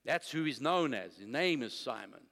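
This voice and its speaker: Preacher with long hall reverb. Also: male voice, mid-range voice, lively intonation, normal speed, gravelly. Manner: storytelling, building to loud declarations. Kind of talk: sermon.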